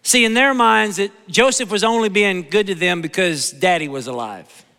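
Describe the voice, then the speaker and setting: High-pitched, bright preacher. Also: male voice, moderate pace, in a large hall. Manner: folksy, emphatic preaching with humor and repetition. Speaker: pastor. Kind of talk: sermon. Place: church sanctuary.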